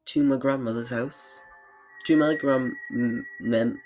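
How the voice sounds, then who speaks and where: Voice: mid-range voice, steady tone, takes it slowly, a little mellow, faint music behind, voice pushed up, close to an everyday voice. A gamer voicing a polite young girl, Little Red Riding Hood, in a mock English accent.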